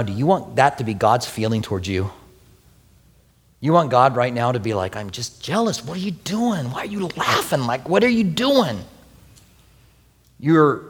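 Animated pastor preaching in a reverberant hall. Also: male voice, medium pitch. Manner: animated storytelling, acts out quoted prayers softly. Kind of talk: sermon.

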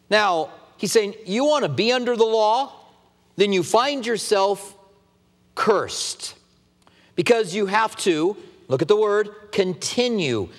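A man's voice: high voice, slow pace, long reverb tail. A man preaching a sermon as pastor, telling stories animatedly and acting out the dialogue. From Tucson, Arizona. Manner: animated storytelling, acts out dialogue.

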